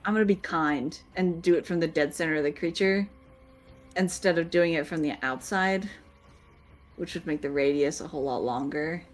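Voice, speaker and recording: A woman's voice: sits low, normal speed, faint music behind. A woman running a tabletop game as game master, laid-back and joking, swearing casually.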